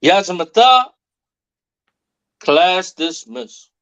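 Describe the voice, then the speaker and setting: Male class leader reading out formal announcements in a slow, measured way. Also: high voice, expressive, vocal fry, fairly bright tone, clear, resonant tone, rough recording. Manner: measured, formal, ceremonial call-outs.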